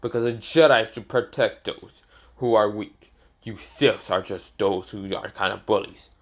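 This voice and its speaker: A man's voice: on the low side, normal speed. A man voicing a stubborn, indignant male warrior knight who blurts out his lines in a casual fan retelling.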